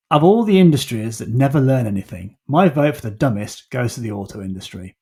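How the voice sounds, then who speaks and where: A man's voice: medium pitch, darkish tone, husky. A man hosting a solo podcast, talking casually with wry, self-deprecating asides. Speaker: podcast host.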